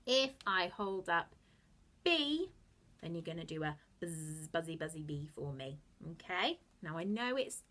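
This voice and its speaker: A woman teaching a phonics lesson to young children, encouraging them with slow, sing-song explanations and soft asides. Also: on the low side, big pitch swings. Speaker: early-years teacher.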